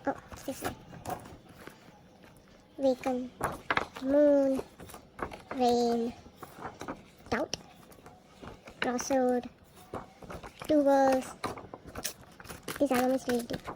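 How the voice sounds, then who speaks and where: A woman unboxing albums on a casual vlog, gushing excitedly and gasping at each card she pulls. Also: sits high, very slow, pauses often, noisy background.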